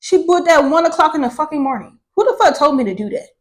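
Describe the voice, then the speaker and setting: Casual young woman vlogger, raised pitch, animated and candid, swears a lot. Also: fast, rough recording. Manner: candid and profane, swears freely; animated, with laughter. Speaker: vlogger telling her life story. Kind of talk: casual storytelling to camera.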